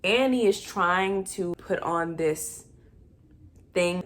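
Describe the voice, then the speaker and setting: A woman casually retelling a film plot with animated, exasperated asides. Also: fairly low pitch, slow pace. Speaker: movie recap vlogger. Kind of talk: casual movie recap.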